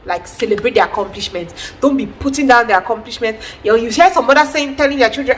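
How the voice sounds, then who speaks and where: A woman, chatting in an emphatic, animated way as a vlogger giving advice. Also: fairly high pitch, fast, few pauses, poor audio. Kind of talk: casual advice vlog.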